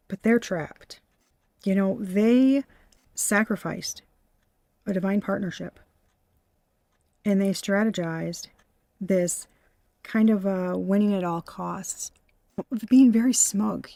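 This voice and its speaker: A young woman giving an excitable tarot reading, exclaiming, gasping and swearing as she goes. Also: mid-range voice, vocal fry, no echo. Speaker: tarot reader.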